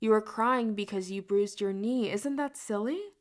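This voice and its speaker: A woman's voice: medium pitch, moderate pace, natural voice. A woman voicing a soothing, coaxing older sister in an audiobook.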